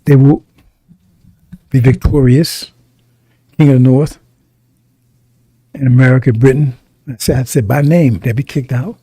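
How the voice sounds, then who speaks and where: A man's voice: mid-range voice, fairly even intonation, a little slow, long pauses, dark tone, breathy edge, dry recording. A man preaching a sermon in an emphatic, repetitive way, often turning to ask his listeners if they understand.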